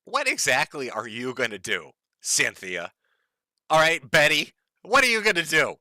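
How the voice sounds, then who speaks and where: A man's voice: fairly high pitch, wildly swooping pitch, normal speed, bright, forceful tone, no room sound. A man giving profane, mocking video commentary in a sneering, sarcastic rant.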